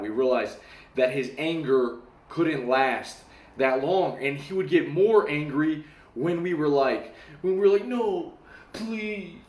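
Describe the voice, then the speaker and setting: A young man in a casual storytelling monologue, animated, swearing casually and acting out the voices of people in his story. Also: mid-range voice. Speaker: self-help talker. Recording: echoey room.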